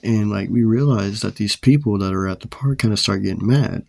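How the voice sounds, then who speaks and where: A man's voice: lowish voice, a little fast, vocal fry, darkish tone, no room sound. A man telling a story from his own life in a casual, rambling, profane way, with many "like" fillers.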